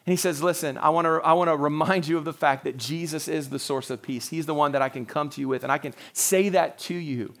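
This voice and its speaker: Speaking fast with few pauses, this preacher has a fairly high, somewhat bright male voice with vocal fry. His sermon is sincere and conversational, and he voices scripture passages in character with frequent small laughs.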